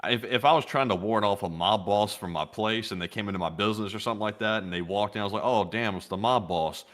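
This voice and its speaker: A man co-hosting a news stream, reading out viewer questions and chatting in a relaxed, chuckling, rambling way. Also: lowish voice, fast. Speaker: co-host reading chat questions. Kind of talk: casual joking chat with co-host.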